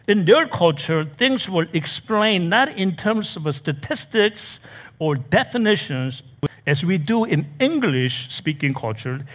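Man, sermon, slow deliberate delivery, swooping pitch, slightly high voice. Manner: slow, deliberate preaching with lively pitch swings. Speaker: pastor. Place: church in America.

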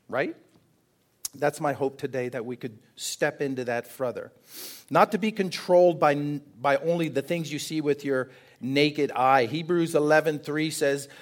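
A man preaching a sermon in an earnest way, often asking the congregation questions. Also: on the high side. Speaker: pastor.

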